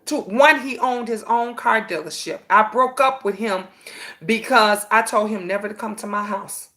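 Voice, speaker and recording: A woman's voice: medium pitch, moderate pace. A woman in her fifties hosting a casual live-stream chat, telling stories animatedly and calling listeners "honey.". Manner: animated storytelling, sassy, says "honey" often. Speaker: host.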